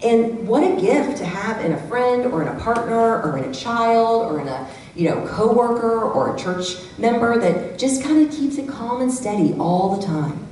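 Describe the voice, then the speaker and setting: A middle-aged woman giving a lively workshop talk to a live audience, acting out the voices she quotes. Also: a little high, normal speed. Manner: animated, acts out quoted voices. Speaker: workshop speaker. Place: church hall. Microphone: handheld microphone. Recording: echoey hall from far off, faint background hum.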